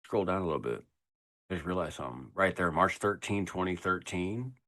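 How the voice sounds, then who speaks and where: A man appearing as a guest on a casual livestream chat, animated and casual in his swearing. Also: low voice, fairly quick, dry recording.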